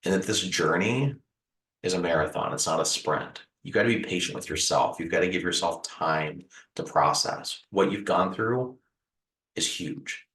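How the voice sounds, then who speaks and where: A man's voice: sits low, moderate pace, reverberant, a little hiss or hum, low-quality recording. A man hosting a video on recovering after a house fire, talking earnestly and reassuringly to the viewer, with repeated phrases and the odd "uh". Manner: gentle, reassuring, repetitive phrasing with fillers. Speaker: host sharing house fire recovery advice. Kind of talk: earnest direct-to-camera advice talk.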